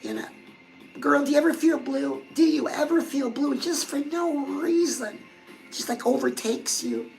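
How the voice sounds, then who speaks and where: A woman hosts a love and dating advice talk in a high, gravelly voice. She chats in a confiding way, as if to a close friend, while faint music plays underneath. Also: a little slow, a little mellow, low-quality recording. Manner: chatty, confiding, addresses listeners as girl. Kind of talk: casual advice talk to viewers.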